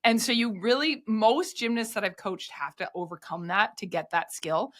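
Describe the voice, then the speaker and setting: A woman who coaches gymnastics, telling stories in a casual podcast chat, animated and full of "like" fillers. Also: medium pitch, normal speed. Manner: animated storyteller, many "like" fillers.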